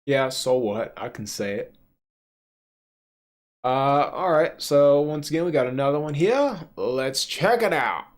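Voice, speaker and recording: A man's voice: fairly high pitch, big pitch swings, unhurried. A man streaming live, giving casual, joking commentary with crude asides as he reads webtoons aloud.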